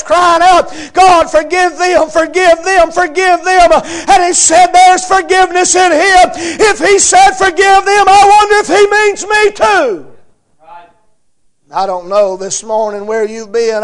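A man delivers a fervent sermon in a strikingly high voice. He climbs into impassioned shouts and stumbles through repeated words as he presses his point. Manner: impassioned, rising to shouts, stammering repetitions. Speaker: preacher.

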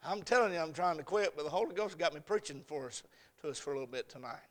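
A man preaching a sermon with passion, in rhythmic, repeated phrases that move from hushed to shouting. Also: on the high side, animated, fast talker. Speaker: pastor.

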